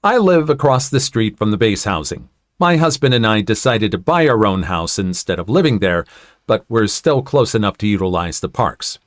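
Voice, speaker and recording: A man narrates online stories aloud, his pitch moving in lively swings around a mid range. He adds sympathetic comments between readings. The recording is close and dry. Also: normal speed, no echo. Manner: expressive, sympathetic asides. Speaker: story narrator.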